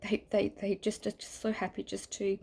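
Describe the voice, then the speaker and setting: A woman giving a tarot reading straight to the listener, soft and earnest, now and then dropping into a whisper. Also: medium pitch, completely flat delivery, normal speed, creaky, husky, poor audio. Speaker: tarot reader. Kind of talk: intimate tarot reading to the viewer. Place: indoors near a road.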